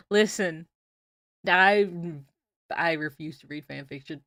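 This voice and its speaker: Woman, VTuber streamer, casual game commentary, giggly, playful, bright tone, unhurried. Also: deep voice, dry recording, soft background music. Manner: giggly and playful, quick to laugh at herself. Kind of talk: casual let's-play commentary with read-aloud dialogue.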